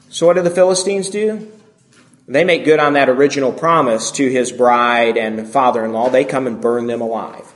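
A man preaching a sermon, retelling a scripture story in a lively way and acting out the characters' lines. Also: medium pitch, moderate pace, reverberant. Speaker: pastor.

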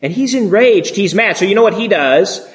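A man delivers a sermon, retelling a scripture story with animated storytelling and acting out the characters' voices. His voice sits a little high for a man. The sound is roomy, with clear echo. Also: normal speed. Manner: lively storytelling, acting out the quoted lines. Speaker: pastor.

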